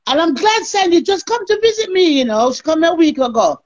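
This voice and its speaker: A woman's voice: very high-pitched, fairly quick. A woman, telling her story as an interview guest and acting out other people's lines. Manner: animated, acts out others' lines. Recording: lo-fi call audio.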